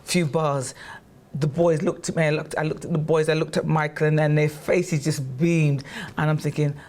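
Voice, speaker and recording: A woman recounts her life in a relaxed interview. She tells her stories in a lively, chatty way, stumbling over restarts and fillers. When she quotes people, her voice jumps up in pitch. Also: normal speed. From England. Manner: animated, acts out quotes in a raised voice. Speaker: guest singer. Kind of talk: casual storytelling interview.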